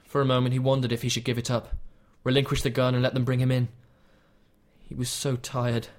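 A man reading a novel aloud as an audiobook narrator, in a measured, even storytelling delivery. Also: medium pitch. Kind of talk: scripted narration.

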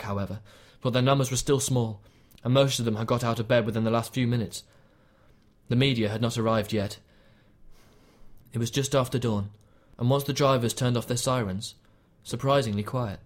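This is scripted narration of tense fiction, delivered evenly and with measured pacing by a mid-pitched male audiobook narrator.

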